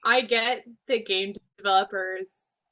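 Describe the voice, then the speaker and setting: A woman's voice: mid-range voice, steady tone, slow, bright, forceful tone, poor audio. A woman on a gaming roundtable who speaks emphatically and laughs often. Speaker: panelist. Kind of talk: casual gaming roundtable chat.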